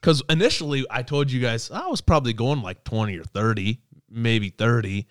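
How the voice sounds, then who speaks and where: A man's voice: mid-range voice, normal speed, dry recording, clean studio sound. A man telling his own snowmobile crash story in casual, profane chat, acting out what he said. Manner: animated, swearing, acts out his own words.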